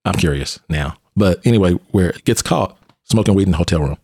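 Man, very deep voice, dry close sound, animated storyteller, restarts phrases. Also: brisk, slightly rough, no room sound. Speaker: host, police officer and mentor. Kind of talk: casual conversational storytelling.

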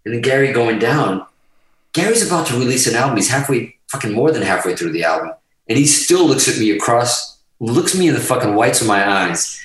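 A man tells stories in a loose, profane and animated way, swearing freely as he chats. His voice sits in a middle pitch, and the sound carries a noticeable roomy echo. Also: brisk. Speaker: guest guitarist. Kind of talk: casual podcast chat.

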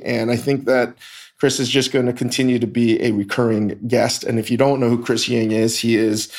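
A man hosting a podcast, talking in a halting, emotional way with many restarts. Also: mid-range voice. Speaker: podcast host. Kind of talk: casual podcast talk. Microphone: teleconference recording.

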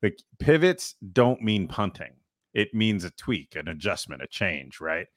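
Man, very low voice, dry close recording, emphatic analogies, podcast co-host. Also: big pitch swings, dry recording. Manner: emphatic, explains with analogies and quick rhetorical "right?". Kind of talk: casual podcast chat.

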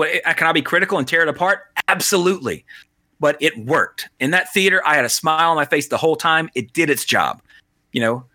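A man's voice: fairly high pitch, sharp tone, no room sound, studio quality. A man co-hosting a podcast, chatting casually about movies in a rambling way, full of restarts and fillers. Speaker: podcast co-host.

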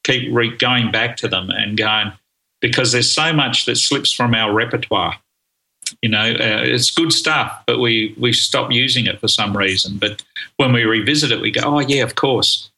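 A man's voice: medium pitch, moderate pace, vocal fry, bright, forceful tone, low-quality recording. A middle-aged man, a guest on an interview show, explaining his ideas enthusiastically with frequent ums and restarts. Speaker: guest speaker on learning. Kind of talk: conversational interview answers.

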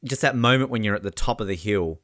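A man's voice: on the low side, quick pace, fairly bright tone, dry recording, clean studio sound. A man interviewing an athlete, asking long, rambling, enthusiastic questions. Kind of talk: casual interview.

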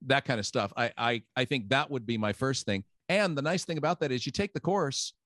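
A middle-aged man with a mid-range voice speaks briskly as a guest, telling a story in casual chat. He is animated, acting out the voices of people he quotes and laughing along. The recording is dry.

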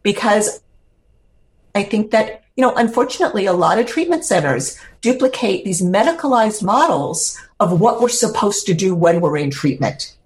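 A woman's voice: mid-range voice, sing-song, normal speed. An older woman, a podcast guest, telling her personal story in an earnest, heartfelt way, close to tears at times.

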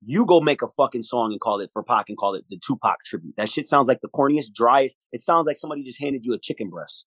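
A man, a hip hop artist guest in a casual interview, talking in an animated, profane way and acting out quoted voices. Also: mid-range voice, fast, hardly any pauses, dry recording, rough recording. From United States, Buffalo, New York. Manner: animated and profane, acts out quoted voices, often says "you know what I mean".

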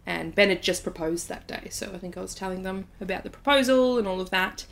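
A woman co-hosting a casual podcast, telling a story in an animated way and often laughing. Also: medium pitch, a little fast, vocal fry. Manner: animated, breathless when telling scary parts, laughs often. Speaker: podcast co-host.

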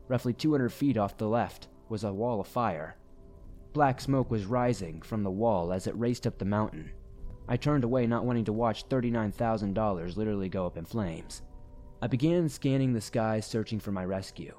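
A man reading a first-person horror story aloud in a steady, grave storytelling manner. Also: on the low side, normal speed. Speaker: narrator. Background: faint music.

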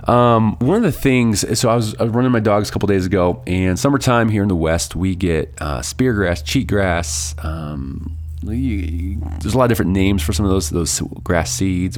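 Low-voiced man, stuffy with a cold. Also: moderate pace. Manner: rambling, many fillers and restarts. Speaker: podcast host. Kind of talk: casual solo podcast intro.

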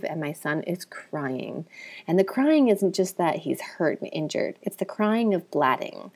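A woman in her thirties with a low voice and a gravelly edge of vocal fry, hosting her own podcast. As a psychologist, she shares personal stories openly and reflectively, in a candid, confiding tone. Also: a little mellow.

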